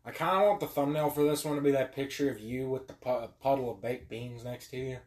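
A young man trading crude, teasing banter on a casual podcast. He swears freely and mocks his friend. His voice sits at an ordinary middle pitch. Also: steady tone, fairly quick. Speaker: podcast co-host.

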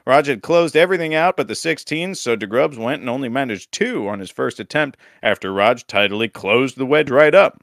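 A man's voice: mid-range voice, expressive, brisk, creaky, few pauses, fairly bright tone, no room sound, clean studio sound. A man co-hosting a casual podcast, recapping league results with teasing, crude jokes. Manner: joking, teasing, crude humor. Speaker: podcast co-host.

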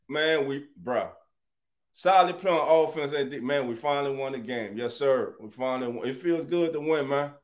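A man hosting a casual live sports chat, animated and greeting viewers by name. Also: mid-range voice, moderate pace. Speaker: sports talk show host.

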